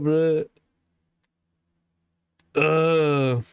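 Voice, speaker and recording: A man chats loosely on a livestream, peppering his stories with slang, swearing and bursts of laughter. His voice sits at an ordinary pitch. The sound is dry and close, with no room echo. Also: normal speed, fairly bright tone. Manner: slangy, profane storytelling with frequent laughter. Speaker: livestream host. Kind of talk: casual chat.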